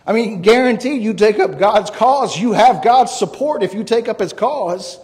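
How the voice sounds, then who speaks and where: A man's voice: sits high, unhurried, hardly any pauses, darkish tone, long reverb tail. A man preaching a sermon as pastor, in an earnest, conversational way that often repeats words. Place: church sanctuary.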